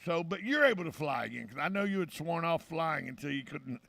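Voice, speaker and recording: A man hosting a morning talk radio show, chatting in a brisk, folksy, opinionated way. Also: a little high, sing-song, gravelly, bright, forceful tone, no room sound. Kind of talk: casual radio chat. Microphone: studio microphone.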